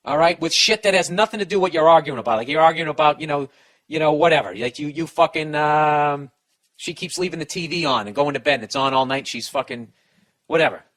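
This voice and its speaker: Profane rambling man, a little high. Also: fast talker, fairly bright tone. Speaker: podcast host giving advice. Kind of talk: comedic podcast advice.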